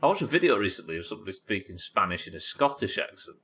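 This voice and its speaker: Streamer, male, Yorkshire accent; lowish, forceful voice, rambling and sweary as he plays. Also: very animated, quick pace, breathy edge. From England. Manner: rambling, sweary, thinking aloud. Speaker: game streamer. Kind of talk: casual live-stream chat while gaming.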